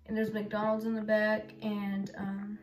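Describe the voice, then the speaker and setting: A woman's voice: medium pitch, completely flat delivery, measured pace. A woman chatting casually to her viewers in a rambling way, full of fillers, recorded on a phone. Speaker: YouTuber. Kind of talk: casual vlog chat. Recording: roomy with background music.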